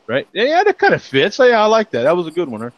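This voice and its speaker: A man's voice: high voice, wildly swooping pitch, quick pace, no room sound, rough recording. A man hosting a casual beer chat show, laughing often and joking as he reads out tasting notes. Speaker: podcast host.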